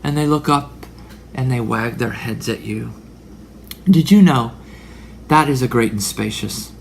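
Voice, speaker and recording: A man's voice: mid-range voice, unhurried, creaky, slight background noise. A man in his forties delivering a religious monologue, dramatic, sometimes dropping into whispered asides. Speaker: religious speaker. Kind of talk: preaching monologue.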